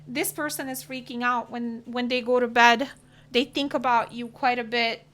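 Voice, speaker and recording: Brief: woman tarot reader, slightly high voice, earnest and emotional delivery. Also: steady tone, moderate pace, a bit bright. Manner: earnest, emotional, talks through card meanings. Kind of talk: solo tarot reading to camera.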